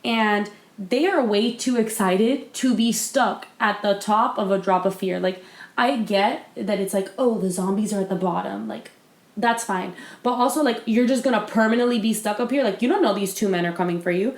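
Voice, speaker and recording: In a podcast recorded with roomy echo, a female co-host chats casually at a medium pitch and normal speed. She talks loosely, with lots of fillers and false starts.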